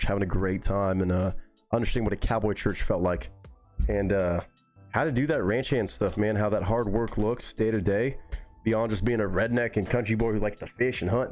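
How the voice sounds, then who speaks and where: A man on a live stream telling a story in a relaxed, rambling way, swearing freely. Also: fairly low pitch. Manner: relaxed, rambling and heavily profane.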